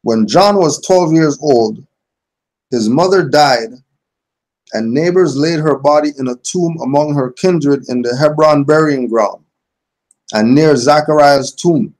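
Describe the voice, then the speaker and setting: A man with a higher-leaning, slightly mellow voice delivers a relaxed spiritual teaching at a measured pace. He reads passages aloud and follows each with an explanation in ordinary words.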